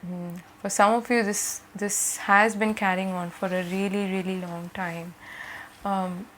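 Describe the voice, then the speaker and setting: A woman giving a gentle, reassuring tarot reading to her viewers, often checking in with "okay?". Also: mid-range voice, fairly even intonation, measured pace, a little hiss or hum, rough recording. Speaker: tarot reader.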